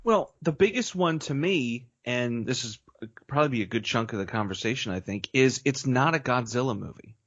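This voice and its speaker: A man's voice: mid-range voice, lively intonation, normal speed, a bit bright. Guy co-hosting a movie podcast, blunt opinions, sighs a lot, slightly muffled audio. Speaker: podcast co-host. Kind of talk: casual opinionated chat.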